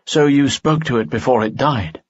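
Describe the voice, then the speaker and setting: A man voicing an alarmed female elf in an audiobook, raising his voice high. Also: moderate pace, breathy edge, no echo, natural voice. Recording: dull lo-fi audio.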